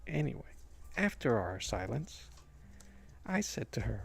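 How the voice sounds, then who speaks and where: Sketching as he talks, a Massachusetts comic artist tells meandering stories, often restarting and chuckling. He has a somewhat high, gravelly voice, expressive at a moderate pace, and soft music plays in the background.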